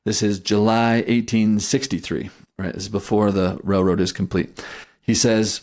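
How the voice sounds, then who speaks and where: A man co-hosting a history podcast, talking through church history in a relaxed, conversational way and often checking in with "right?". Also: fairly low pitch, moderate pace. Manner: thoughtful, frequent restarts and "right?" checks. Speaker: podcast co-host. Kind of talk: casual history discussion.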